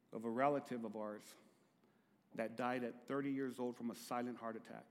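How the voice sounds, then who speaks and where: A middle-aged man preaching a sermon as pastor, moving between hushed, drawn-out phrases and loud, high-pitched crying out. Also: in a large hall.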